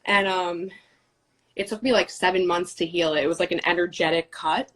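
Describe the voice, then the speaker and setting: A woman guest on a casual live chat, talking haltingly with many fillers. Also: fairly low pitch, fairly even intonation, fairly bright tone, poor audio.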